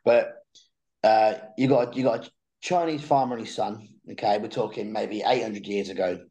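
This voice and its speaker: A man's voice: on the low side, moderate pace, poor audio. A young man telling a long story in a casual chat, restarting and repeating words as he goes. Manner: animated storyteller who repeats words when starting sentences. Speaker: podcast guest.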